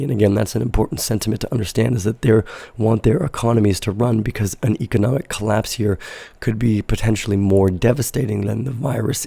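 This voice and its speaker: A man's voice: fairly low pitch, vocal fry, warm tone, husky, dry recording. A man hosting a market show, walking through charts in casual commentary, thinking aloud with ums and self-corrections. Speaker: crypto market analyst host.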